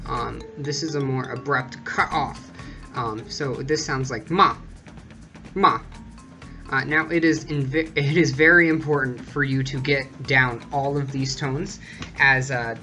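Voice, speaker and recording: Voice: mid-range voice, bright, forceful tone. A vlogger giving a casual, chatty tutorial that walks through each point step by step.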